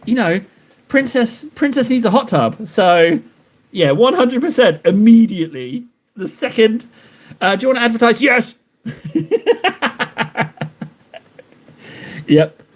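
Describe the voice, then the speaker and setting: While painting miniatures on a live stream, a young man rambles casually to his chat and jokes at his own expense. His voice is slightly high, and his loose, looping sentences keep restarting.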